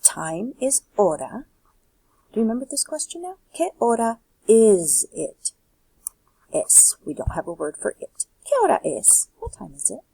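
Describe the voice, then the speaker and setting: A woman's voice: medium pitch, big pitch swings, gravelly, warm tone, slightly rough, low-quality recording. A woman teaching a Spanish class, walking students through a worksheet with patient, step-by-step explanations. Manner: patient, explanatory, slows down for examples. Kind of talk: recorded classroom lesson walkthrough.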